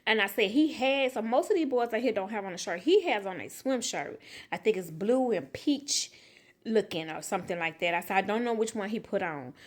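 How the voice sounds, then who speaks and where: A woman's voice: medium pitch, fairly quick. A woman telling a casual, emotional story about losing her son at a waterpark, acting out the dialogue as she goes. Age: adult. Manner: animated, emotional retelling with quoted dialogue. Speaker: vlogger, mother.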